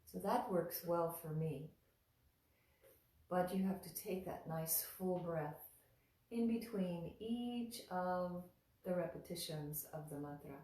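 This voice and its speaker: Calm, lowish woman teacher; unhurried delivery, chants drawn out; echoey room, mic at a distance. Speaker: mantra teacher. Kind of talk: spoken teaching with slow chanting.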